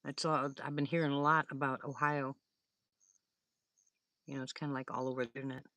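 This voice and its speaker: A woman's voice: very deep voice, flat delivery, brisk, a bit bright, dry recording. An older woman hosting a live stream, rambling through stories in casual chat with her viewers, laughing often. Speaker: livestream host.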